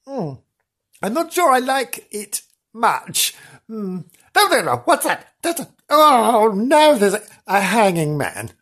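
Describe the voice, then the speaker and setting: A man's voice: high-pitched, big pitch swings, slow, a bit bright, pitched above the performer's own voice, heavily acted. Man doing a dithery spooked lady reporter. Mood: jittery. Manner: dithery, fussy, easily spooked. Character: nervous middle-aged woman ghost-hunting reporter. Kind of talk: comic audio sketch.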